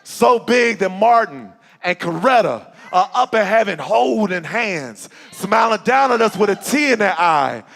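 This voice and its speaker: A man from Chicago performing spoken-word poetry to a church audience, with a rhythmic, rhyming delivery that rises to shouts. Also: sits high, animated, unhurried, creaky, hardly any pauses. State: out of breath. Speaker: guest spoken-word poet. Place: church sanctuary with live audience. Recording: echoey hall with audience.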